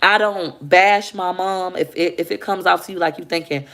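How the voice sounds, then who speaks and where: A woman speaks candidly to her livestream viewers about motherhood. Her voice sits low with a gravelly fry. She talks with heartfelt openness and calls the audience y'all. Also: fairly even intonation, normal speed, hardly any pauses, fairly bright tone. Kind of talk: emotional personal storytelling on a livestream.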